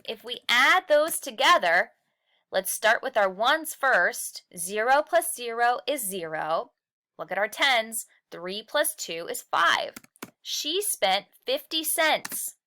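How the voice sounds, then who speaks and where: A woman's voice: fairly high pitch, animated, sharp tone. A woman teacher walking young students through worksheet pages, patiently explaining step by step and asking questions as she goes. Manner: stretches and slows key words for emphasis. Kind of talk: recorded lesson walkthrough.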